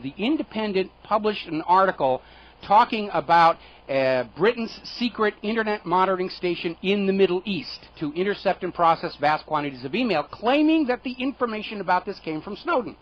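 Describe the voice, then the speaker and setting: A man hosting a political talk radio show, sarcastic and indignant, jabbing with rhetorical questions. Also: sits high. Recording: dull lo-fi radio recording.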